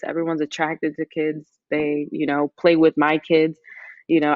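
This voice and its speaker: Woman from New York, casual podcast chat, lowish voice, dry dull sound. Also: darkish tone, no echo. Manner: chatty, lots of fillers. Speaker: guest.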